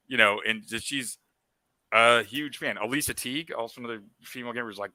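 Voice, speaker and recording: Very bright-voiced man telling gaming stories. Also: medium pitch, fast, no room sound. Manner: rambling, anecdotal, heavy on fillers; excitable and animated when retelling. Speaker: special guest on a gaming talk show. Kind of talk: casual storytelling chat.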